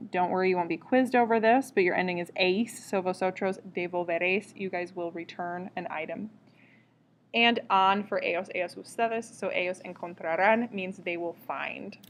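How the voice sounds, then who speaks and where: A woman teaching a recorded grammar lesson, explaining step by step in a clear, patient way. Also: mid-range voice. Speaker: Spanish teacher.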